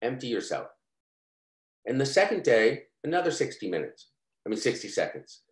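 A man's voice: medium pitch, sing-song, a little fast. A man giving a course talk, telling a personal story in a candid, conversational way full of fillers. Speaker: course speaker. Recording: roomy echo.

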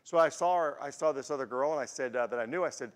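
A man's voice: medium pitch, fast talker. A man in his sixties giving a conversational sermon as a guest preacher, telling personal stories to make his points. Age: 60s. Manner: warm storytelling with personal anecdotes. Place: church sanctuary. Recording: long church-hall reverb.

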